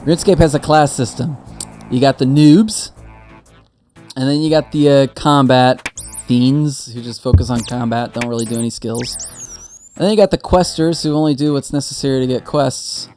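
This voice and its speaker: A man's voice: mid-range voice, normal speed, a little mellow, soft background music. A man giving casual, joking commentary while playing a game, rambling and laughing often. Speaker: gaming streamer.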